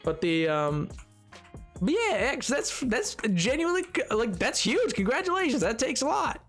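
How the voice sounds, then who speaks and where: A streamer chatting casually during a live game session, rambling and excitable, reading chat aloud with frequent restarts and now and then slipping into a joking put-on accent. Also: medium pitch, normal speed, soft background music. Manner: sometimes puts on a joking accent. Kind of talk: casual livestream chat while playing a building game.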